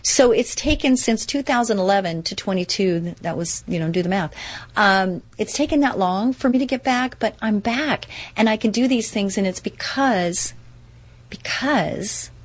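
A woman's voice: mid-range voice, husky. A woman sharing a personal recovery story in a casual, earnest, upbeat way, full of fillers and restarts.

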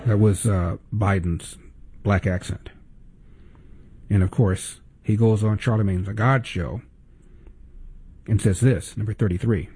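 A man's voice: fairly low pitch, fairly even intonation, a little slow, long pauses, warm tone, husky. A male talk radio host delivering sarcastic, emphatic political commentary with pointed repetition.

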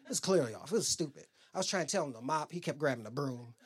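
A stand-up comedian spinning crude personal stories with a lively, swooping delivery. Laughter keeps slipping into the lines. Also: mid-range voice, fast. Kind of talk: stand-up routine.

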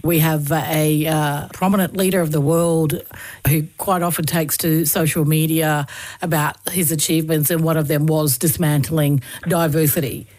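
Woman hosting radio, low voice. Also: flat delivery, moderate pace, a little mellow, no echo. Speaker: radio host.

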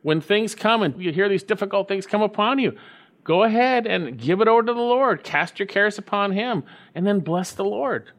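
Male pastor, emphatic sermon delivery, higher-pitched voice, repeats his points. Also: animated, normal speed, a bit bright. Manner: emphatic, repeats key phrases. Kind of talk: sermon with scripture reading.

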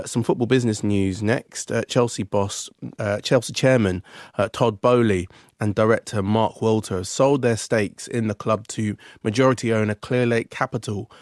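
A man with a lowish voice reads the sports news on a radio show. He moves along briskly and leans on "uh" between items. The studio sound is dry. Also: a little mellow, no echo. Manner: brisk, frequent "uh" fillers. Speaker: sports presenter.

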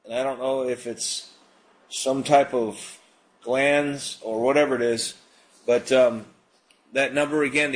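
A man hosting a live call-in radio ministry, praying for callers and talking casually with plenty of fillers. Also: medium pitch. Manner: prays and preaches in a relaxed, conversational way with frequent fillers. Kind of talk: live call-in prayer show.

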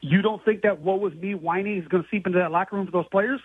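Michigan guy calling in, high husky voice, rambling rant, tripping over his words. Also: fast, no room sound, low-quality recording. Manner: excited, rambling, stammers and repeats words. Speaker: caller. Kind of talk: ranting call-in.

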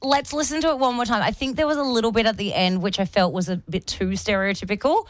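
A woman, hosting a radio show in casual, animated banter. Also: a little high, fast, no room sound. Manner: animated, laughs often. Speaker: radio host.

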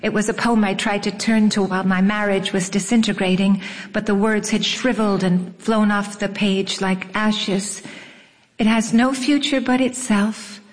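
A woman narrating a first-person memoir in a wry, unhurried storytelling manner. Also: medium pitch, flat delivery. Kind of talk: audiobook memoir reading. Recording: long reverb.

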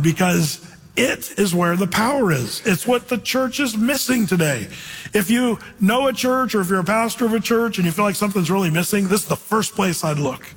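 A man's voice: sits high, slightly rough, big-room sound, low-quality recording. A man preaching an expository sermon as a pastor, reading scripture aloud and urging his listeners with earnest emphasis.

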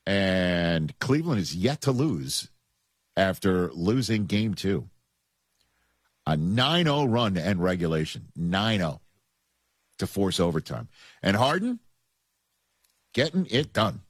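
A sports radio host with a New York accent argues calls with animated emphasis. His voice sits low with a husky edge and swings widely in pitch. The sound is close and dry. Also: slow pace, pauses often, no echo. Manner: animated, emphatic, repeats points. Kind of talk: casual sports talk and live ad read.

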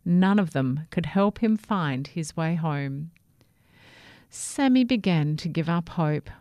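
Slow, expressive woman reading a story. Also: sits low, no room sound, studio quality.

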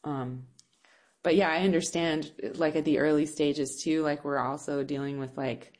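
A woman with a low voice talks through her ideas in a relaxed interview. She often stops and restarts, reaching for the right words, and laughs now and then. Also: moderate pace. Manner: thoughtful, searching for words with many restarts and fillers. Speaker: music teacher and composer. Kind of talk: casual interview answers.

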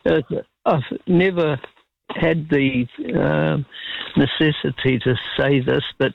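Kiwi guy phoning in, gravelly voice, tinny phone line, lots of ums. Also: fairly high pitch, fairly even intonation. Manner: halting, polite, many fillers, chuckling. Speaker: caller. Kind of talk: phone-in conversation.

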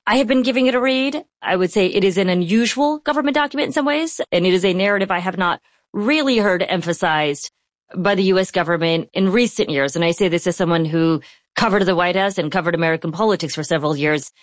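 Female interviewer, lowish voice, dry studio sound, careful and composed. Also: fast, no echo. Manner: careful, framing questions. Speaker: interview host. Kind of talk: interview questions.

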